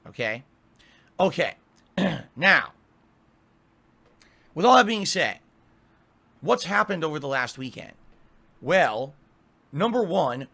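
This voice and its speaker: A man streaming from his home office, ranting in a profane, exasperated way. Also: on the high side. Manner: profane, exasperated, lively complaining.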